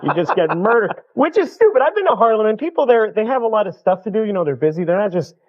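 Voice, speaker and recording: A man doing stand-up comedy and talk-show banter, animated, breaking into loud shouted voices for his punchlines. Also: high voice, quick pace, dull audio.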